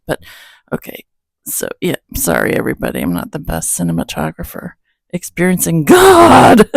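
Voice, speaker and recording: A woman's voice: on the low side, creaky, no echo. A woman hosting her own channel, chatting casually at home with her cats in a rambling way, with self-deprecating asides. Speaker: host of a Bible-reading channel. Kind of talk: casual chat.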